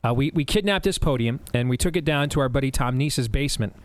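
A middle-aged man hosting a radio show, telling a long story in a rambling, animated way with many restarts. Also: medium pitch, quick pace, no room sound. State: deaf in one ear. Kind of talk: casual storytelling.

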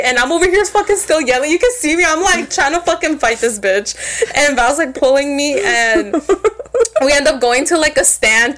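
High-pitched young woman, casual podcast chat, lively storytelling, swearing, bits of Spanish. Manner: animated, swears a lot, mixes in Spanish. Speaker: podcast co-host.

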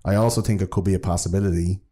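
A man co-hosting a casual true-crime chat, an animated storyteller who swears a lot. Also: low-pitched, rapid-fire. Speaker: podcast co-host.

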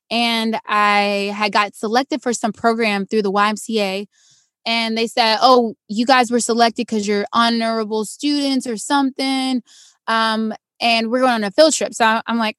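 A young adult woman, an actress and stuntwoman, telling her story in a casual interview and acting out quoted voices with big jumps in pitch. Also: no room sound, studio quality.

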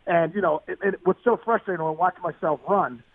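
A man telling a long sports story in a podcast interview, animated and tumbling over his words with restarts. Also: high voice, a little fast, dry recording. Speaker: guest, former baseball player. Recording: dry, phone-like line.

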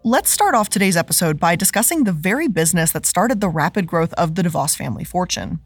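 A woman's voice: fairly low pitch, quick pace, slightly rough, dry recording, faint music behind. Sarcastic woman hosting a scripted show. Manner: sarcastic, lively scripted delivery. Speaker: host. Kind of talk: scripted narration.

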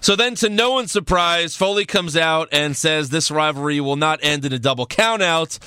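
A man hosting a casual chat, recapping events in a relaxed storytelling way. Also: fairly high pitch, normal speed, clear, resonant tone, no echo. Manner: laid-back storytelling recap, acts out quotes. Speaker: podcast host recapping wrestling.

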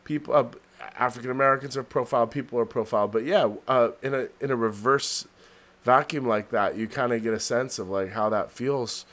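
A man's voice: medium pitch, fairly quick, fairly bright tone. A man hosting a casual podcast chat, rambling and heavy on fillers as he tells stories. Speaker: podcast host. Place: New York City.

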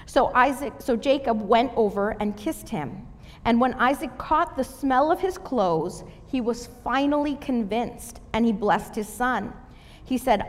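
A woman reading scripture aloud and then explaining it in a measured, teaching sermon. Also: fairly high pitch, expressive. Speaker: Bible teacher. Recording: long hall reverb.

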